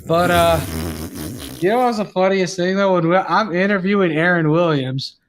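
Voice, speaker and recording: A man's voice: high-pitched, moderate pace, slight background noise. A man co-hosting a podcast, telling an amused, rambling story in casual chat. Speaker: podcast co-host.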